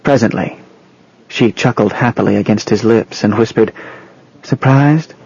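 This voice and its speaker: A man's voice: lowish voice, steady tone, normal speed, gravelly, a little mellow, husky, lo-fi sound. Man narrating a novel. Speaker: audiobook narrator. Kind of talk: scripted narration.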